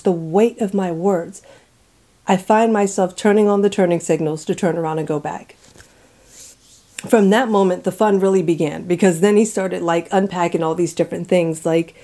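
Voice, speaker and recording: A woman recounts a personal story in a relaxed, conversational way. Her voice sits in a middle pitch and has a warm, mellow tone. She laughs often and slips into soft, hushed asides.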